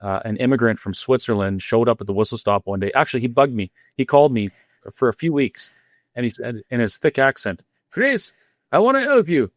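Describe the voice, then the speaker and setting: A man's voice: medium pitch, brisk, no room sound, clean studio sound. A middle-aged man from Alberta, a guest cafe owner, telling his story candidly and earnestly with frequent restarts. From Alberta, Canada. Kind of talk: interview storytelling.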